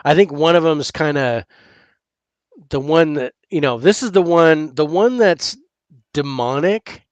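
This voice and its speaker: A man with a somewhat high voice co-hosting a relaxed talk over drinks. He speaks haltingly, often repeating words before finishing a thought. The recording is dry and close. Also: dry recording, dull audio. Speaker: podcast co-host. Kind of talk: casual chat over drinks.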